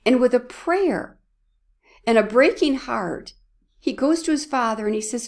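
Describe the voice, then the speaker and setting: A woman's voice: on the high side, unhurried, a little mellow. A woman speaking unhurriedly in a heartfelt church devotional. Her voice is emotional and often sinks to a near whisper.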